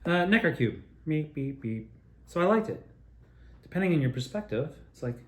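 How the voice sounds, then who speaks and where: A man's voice: a little high, normal speed. A man spins loose, profane stories with lots of rise and fall in his voice, drifting off topic as he sips a beer. His voice bounces around a roomy, echoing space. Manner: profane, digressive, animated; drinking beer while talking. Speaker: video maker telling childhood stories. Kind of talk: rambling personal storytelling monologue.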